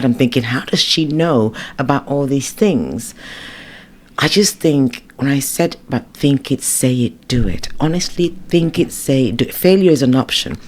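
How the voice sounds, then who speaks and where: Animated middle-aged woman telling stories. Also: a bass voice. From United Kingdom. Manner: animated, emotional storytelling with lots of quoted inner thoughts. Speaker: guest. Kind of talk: casual interview chat.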